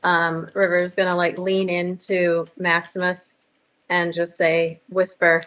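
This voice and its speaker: A woman calmly describing her character's actions as a player in a tabletop game. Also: on the low side, slow pace, lo-fi sound.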